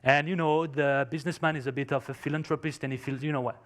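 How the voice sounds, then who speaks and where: Non-native guy on stage, kinda high voice, tells stories with lots of emphasis. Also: steady tone, fast talker, fairly bright tone. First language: not English. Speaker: conference speaker. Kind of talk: motivational conference talk.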